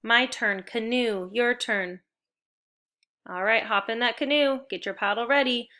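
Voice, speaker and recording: A woman teacher leading a spelling lesson for young children, upbeat and encouraging as she gives clear step-by-step directions. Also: fairly high pitch, a little slow, sharp tone.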